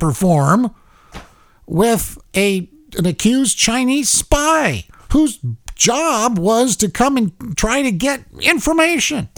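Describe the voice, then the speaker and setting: A man hosting a political talk show, giving commentary in an animated, repetitive way. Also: very high voice, no echo. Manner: animated, repeats words and restarts.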